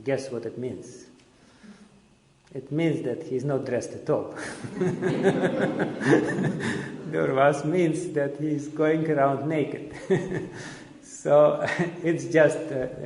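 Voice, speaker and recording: A man's voice: a little high, darkish tone, slight background noise. Guy telling a story at a seminar, laughs a lot, big echoey room. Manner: chuckling, conversational. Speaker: seminar teacher. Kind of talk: storytelling lecture. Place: lecture hall. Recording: echoey hall.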